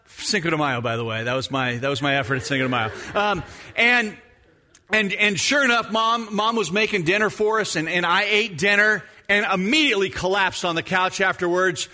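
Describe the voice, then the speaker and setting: A middle-aged male pastor preaching a sermon, telling a childhood story in an animated way and acting out the moments. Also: high-pitched, moderate pace. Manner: animated storytelling, acts out his own screams.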